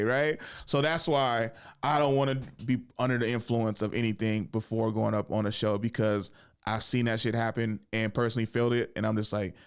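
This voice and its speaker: A young man hosting a podcast, telling a casual comedy story, swearing freely and jumping into high voices when he acts out what people said. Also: clean tone. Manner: animated, swears often, acts out quotes with big pitch jumps. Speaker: podcast host and stand-up comedian.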